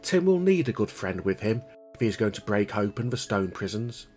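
A man voicing a kind, very old woman in a storybook reading, speaking softly and slowly. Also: on the low side, very animated, faint music behind. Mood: gentle. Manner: soft, slow and hushed. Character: old kindly woman, gentle grandmother.

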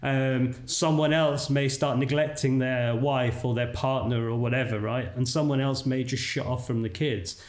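A man's voice: medium pitch, fairly even intonation, normal speed, few pauses. A middle-aged man, a podcast guest talking casually and often tagging his sentences with "right?". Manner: chatty, keeps checking in with "right?". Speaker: podcast guest, dental marketing entrepreneur. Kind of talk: casual conversational interview. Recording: roomy echo.

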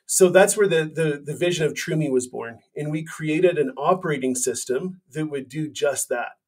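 A man's voice: a little high, moderate pace, husky. A man in his forties, a company founder, speaking as a podcast guest and telling his story earnestly, often restarting his phrases. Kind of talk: casual interview chat.

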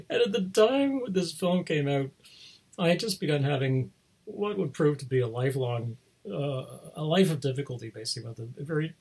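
Very breathy middle-aged man rambling. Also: a little high, lively intonation, normal speed, a little mellow. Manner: rambling, chuckling often, with many restarts. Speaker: host. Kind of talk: casual rambling monologue.

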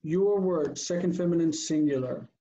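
A man's voice: on the high side, moderate pace, dark tone, highs cut off. A man teaching a Hebrew grammar class online, patiently drilling word forms and quizzing his students. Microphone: video call.

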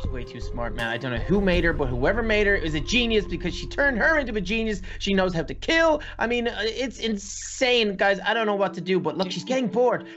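A woman playing a Minecraft role-play, talking in an excitable, rambling way. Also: mid-range voice, a little fast, few pauses, highs cut off, faint music behind. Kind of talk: dramatic in-character chat.

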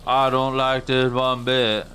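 A man's voice: medium pitch, little pitch movement, slow, bright, forceful tone, slight background noise. A man in his twenties muttering uneasy reactions as he plays through a game and comments on it. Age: 20s. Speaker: gaming YouTuber. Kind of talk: gameplay commentary.

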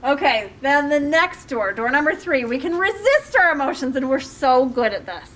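High-voiced woman coaching a group. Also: animated, moderate pace, fairly bright tone. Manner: conversational, many fillers, questions to the audience. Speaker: life coach. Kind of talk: workshop talk to a group.

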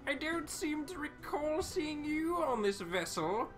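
A woman voicing a formal, nosy gentleman passenger in a video game, speaking in a posh, slow manner. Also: high-pitched, sing-song, faint music behind, pitched above the performer's own voice. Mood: curious.

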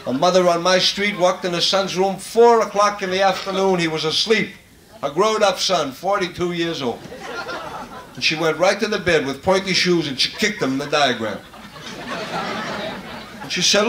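A man's voice: sits high, lively intonation, moderate pace, bright, forceful tone, slight background noise. A man doing a live stand-up monologue, lecturing in a mock-pompous tone full of malapropisms, on a stage before an audience. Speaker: stand-up comedian. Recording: echoey 1960s live comedy recording.

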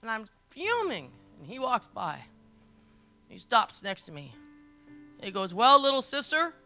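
A woman's voice: medium pitch, huge pitch swings, unhurried, bright, forceful tone, soft background music. A middle-aged woman pastor preaching a sermon, telling stories emphatically, repeating phrases and laughing along as she goes. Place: church service.

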